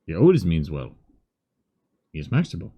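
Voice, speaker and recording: A man's voice: low voice, wildly swooping pitch, moderate pace, slightly rough, muffled recording, pitched below the performer's own voice, full character voice. A man doing a student. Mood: defensive. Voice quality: broken grammar, dropped articles. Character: earnest male student with a thick foreign accent.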